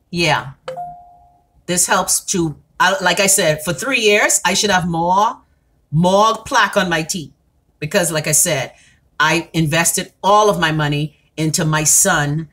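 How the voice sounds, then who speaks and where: Blunt, bright-voiced Bahamian woman. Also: mid-range voice. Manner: blunt, swears freely, chats with viewers' comments. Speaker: wellness vlogger. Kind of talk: casual live-stream tutorial.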